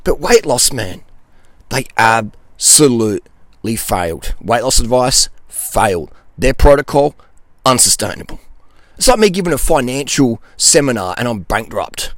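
A man's voice: mid-range voice, lively intonation, moderate pace, no echo. A middle-aged man, a nutrition coach, answering viewer questions in a blunt, ranting monologue and laughing between points.

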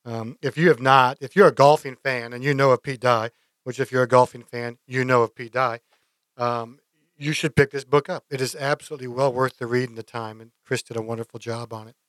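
A man hosts a podcast interview with easy, upbeat chat and plenty of praise for his guest. His voice is smooth and clear, recorded close and dry. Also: mid-range voice, fairly even intonation, brisk, no room sound. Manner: warm, enthusiastic praise, friendly chat. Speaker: podcast host. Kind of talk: casual interview.

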